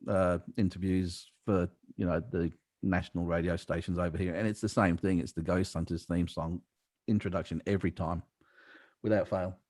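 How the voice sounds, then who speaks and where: An Australian man co-hosting a podcast interview, chatting in a relaxed, easygoing way. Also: low-pitched, moderate pace, no room sound, studio quality. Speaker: podcast co-host. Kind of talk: casual interview chat.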